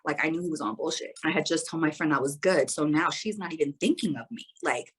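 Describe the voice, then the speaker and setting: A woman, a podcast guest, telling a story casually in an animated, profane, slangy way. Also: deep voice, quick pace, husky, rough recording.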